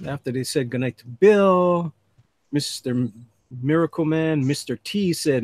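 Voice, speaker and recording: A man's voice: fairly high pitch, a little slow, darkish tone. Laid-back man chatting on a livestream. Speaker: livestream host and artist. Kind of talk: casual livestream chat, reading chat aloud.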